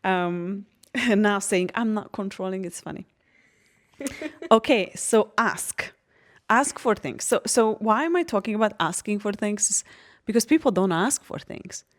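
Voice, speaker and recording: A woman from Hungary, telling personal stories in a casual podcast chat, animated and laughing often. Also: medium pitch, a little slow. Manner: animated storytelling, laughs often, frank and expressive.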